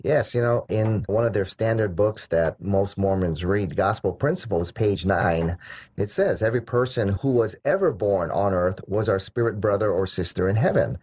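A man's voice: on the low side, lively intonation, moderate pace, a little mellow. A man hosting a talk show, reading a quote and asking his guest a follow-up question. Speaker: host.

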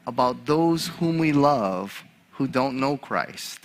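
A male chaplain preaching a sermon, an animated storyteller who laughs at his own story. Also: mid-range voice, slow.

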